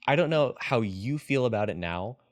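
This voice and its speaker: A man's voice: mid-range voice, moderate pace. A man hosting a casual movie review chat, talking eagerly with a rambling flow. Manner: excited, rambling, with fillers and laughs. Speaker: podcast host, movie reviewer.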